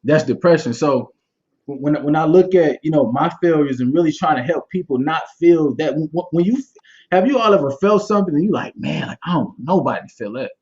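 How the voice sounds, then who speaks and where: A man's voice: a little high, brisk, a little mellow. A young adult man giving a candid motivational talk as a guest speaker, passionate and conversational, with loose repetitions and asides. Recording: muffled stream audio.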